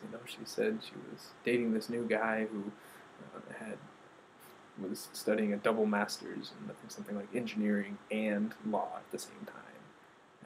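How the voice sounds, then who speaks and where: A man earnestly telling a personal story, acting out quotes and trailing off into soft asides. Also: lowish voice, a little hiss or hum, poor audio. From United States. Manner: earnest, quoting others with shifts of voice, trailing off softly.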